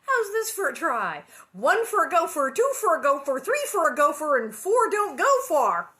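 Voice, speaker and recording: A worn-out frontier father grumbles and slips in dry puns, as a woman reads him from a storybook. The voice is bright and animated. It carries a little louder than her narration. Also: high voice, moderate pace, full character voice. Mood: wry. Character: tired frontier farmer father, joking. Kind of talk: storybook reading.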